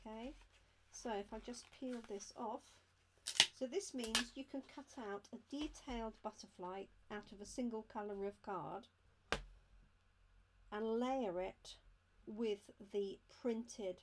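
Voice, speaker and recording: A woman's voice: on the high side, slow pace, noisy background. A woman demonstrating craft supplies, chatting and explaining each step as she handles items at her craft desk. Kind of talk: live craft unboxing demo.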